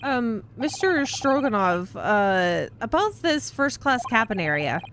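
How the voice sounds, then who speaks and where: A woman's voice: on the high side, very animated, takes it slowly, a bit bright, slight background noise, exaggerated voice. Woman doing an earnest, polite young man. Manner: polite, hesitant and formal. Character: polite, earnest young male law student.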